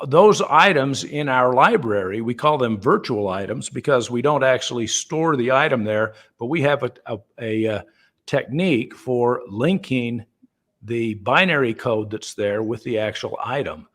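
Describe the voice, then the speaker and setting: Answering questions as a company founder, this man talks at a middling pitch and a slightly slow pace in a relaxed, chatty way on a call. He often stops and starts over, leaning on "uh" and "you know," and he acts out everyday conversations in the voices of the people in his examples.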